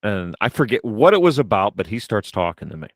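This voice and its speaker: An American man with a low voice that rises and falls a lot. He hosts a podcast and tells stories with a teasing, animated style. The sound is close and dry. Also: a little fast, no echo. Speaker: podcast host. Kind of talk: casual podcast chat.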